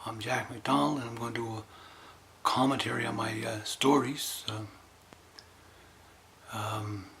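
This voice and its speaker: A man's voice: mid-range voice, steady tone, a little slow, a bit bright, slight background noise. A man doing a rambling comic commentary on his own tall tales, dryly repeating that it was all boring.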